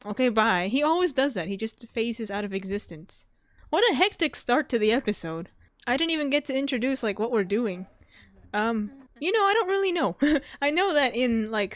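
A woman hosting a gaming channel, giving casual gameplay commentary in an excitable, jumpy way and often breaking into laughter and squeals. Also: fairly high pitch, moderate pace, dry recording.

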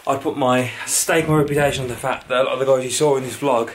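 Energetic young man vlogging over noise. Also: mid-range voice, fast. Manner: energetic, swears casually. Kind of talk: casual vlog talk. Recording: noisy background.

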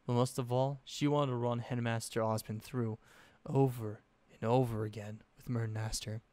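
A man's voice: medium pitch, steady tone, moderate pace, a little mellow, no room sound. A man reading a story aloud expressively, correcting his own slips now and then. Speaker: fanfiction narrator.

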